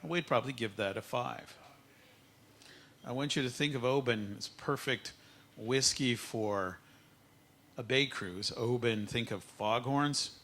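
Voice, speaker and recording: Man leading a lively whisky masterclass. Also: medium pitch. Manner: lively, playful, drawn-out words for effect. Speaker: whisky educator. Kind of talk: live tasting masterclass talk. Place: expo tasting hall.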